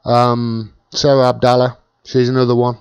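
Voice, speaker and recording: A man's voice: medium pitch, completely flat delivery, normal speed, clear, resonant tone, no echo. A British man hosting a casual live-stream Q&A, chatting and thanking viewers by name as he reads their comments.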